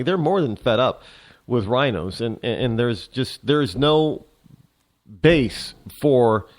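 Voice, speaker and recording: Male talk host, rambling political monologue, animated pitch, frequent restarts. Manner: rambling, halting with many restarts.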